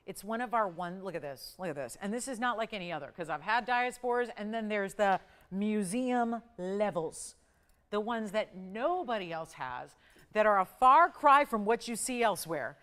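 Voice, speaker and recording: A woman hosting a live jewelry shopping show, pitching pieces and counting prices down in an upbeat sales patter. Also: expressive, moderate pace, a bit bright. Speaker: shopping channel host. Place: TV studio.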